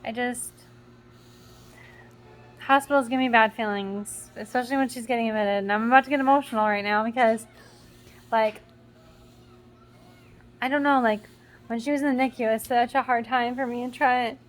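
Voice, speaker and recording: A woman's voice: a little high, steady tone, moderate pace, pauses often. A young mother vlogging casually, rambling with many fillers, emotional and close to tears. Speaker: vlogger mom. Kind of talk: casual vlog talk.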